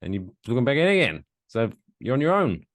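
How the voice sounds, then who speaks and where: A man's voice: mid-range voice, very animated, brisk, no echo, pitched above the performer's own voice, lightly acted. A man voicing a fed-up judge who speaks bluntly and with exasperation. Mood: exasperated.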